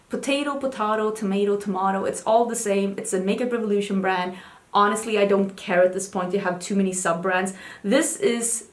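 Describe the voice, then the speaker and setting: A chatty woman vlogger with a voice at an ordinary middle pitch. She rambles through makeup picks, fillers everywhere, dropping wry asides. The room around her rings with a noticeable echo. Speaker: beauty vlogger. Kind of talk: casual chat reviewing makeup. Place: room at home with a cat.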